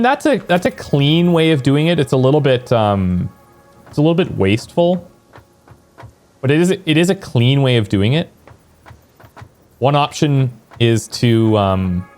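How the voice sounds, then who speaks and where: A man's voice: medium pitch, a little mellow. A man streaming a video game, chatting casually and thinking aloud as he plans, now and then answering viewers. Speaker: let's play streamer. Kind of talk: casual gameplay commentary.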